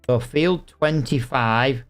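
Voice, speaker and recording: A man's voice: mid-range voice, takes it slowly, faint music behind. Chatty man commenting on gameplay. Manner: chatty, exasperated, talks to viewers. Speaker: gaming streamer.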